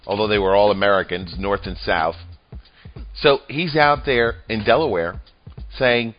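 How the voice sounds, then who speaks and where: Low-voiced man in crude comic commentary. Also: a little slow. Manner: rambling, crude and mocking. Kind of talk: profane comedic political commentary. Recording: dull lo-fi audio with faint music.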